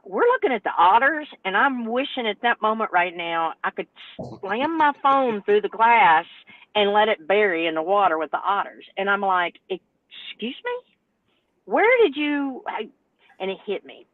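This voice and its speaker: A woman, a truck driver telling an exasperated, animated story on a podcast panel. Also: mid-range voice, moderate pace, dry recording. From North Carolina, US. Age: 60s. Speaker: truck driver and owner operator, panel guest. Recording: tinny phone-like line, dry.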